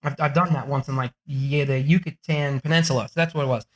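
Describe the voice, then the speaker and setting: A man who is a podcast guest and author, telling profane, excitable stories and acting out quotes in a raised voice. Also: medium pitch, quick pace. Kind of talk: animated storytelling in an interview.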